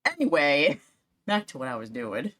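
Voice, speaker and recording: A woman's voice: low-pitched, very animated, moderate pace, fairly bright tone. A woman streamer chatting casually while drawing, rambling, giggling often and joking at her own expense. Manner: giggly, rambling, self-mocking.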